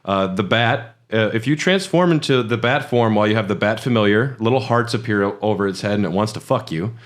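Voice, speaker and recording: A man's voice: lowish voice, fairly quick. A man co-hosting a casual podcast, explaining game details at length with many "uh"s and "like"s. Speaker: podcast co-host. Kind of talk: casual chat about a video game.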